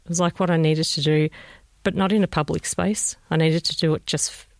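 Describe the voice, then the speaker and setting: A grieving mother with an Australian accent tells her painful family story in an interview, reflective and gentle as she acts out conversations. She speaks brisk and low, with a steady, gravelly tone and no room sound.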